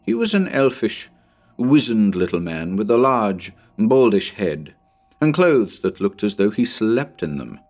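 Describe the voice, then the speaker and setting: A man reading a short story aloud in an expressive, measured narration. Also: lowish voice, faint music behind. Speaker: audiobook narrator.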